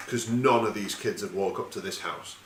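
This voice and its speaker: A man's voice: fairly low pitch, moderate pace. A man running a tabletop game as game master, narrating casually with loose, rambling asides and swearing. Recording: echoey room with faint noise.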